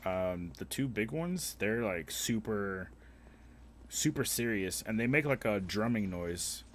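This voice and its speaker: Crude, joking man with a lowish voice. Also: animated, takes it slowly, slight background noise. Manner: crude, joking banter with heavy swearing; rambling, with frequent fillers and restarts. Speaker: livestreamer. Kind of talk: casual livestream chat.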